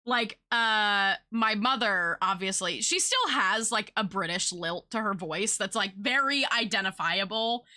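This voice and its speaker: A woman's voice: mid-range voice, measured pace, hardly any pauses, pushed and bright. A young woman streamer chatting casually with her viewers, rambling and filling her talk with "like" and "uh". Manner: chatty, rambling, filler-heavy.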